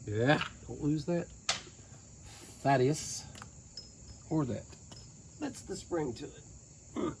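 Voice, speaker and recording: A man's voice: a little high, animated, slow, pauses often, noisy background. Folksy man with an Appalachian twang. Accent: Southern Appalachian. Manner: folksy, joking, talking to viewers while working with his hands. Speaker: DIY boat-repair vlogger. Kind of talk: casual how-to narration while working. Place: outdoors beside a boat on the ground.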